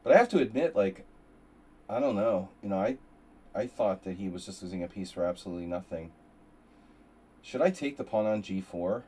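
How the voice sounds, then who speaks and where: A man's voice: fairly low pitch, lively intonation, fairly quick, long pauses, a little mellow, slightly rough, rough recording. Man muttering through chess lines. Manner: muttering through move calculations, wry asides. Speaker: chess streamer. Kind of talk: live chess commentary with chat.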